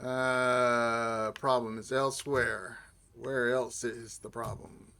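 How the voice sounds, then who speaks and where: A man talking through a video game walkthrough in a loose, rambling way. He fills his speech with ums and likes. His voice sits at a middle pitch. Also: flat delivery, takes it slowly, creaky, pushed and bright, a little hiss or hum. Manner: laid-back, rambling, full of fillers. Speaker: gaming channel host. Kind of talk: casual gameplay commentary.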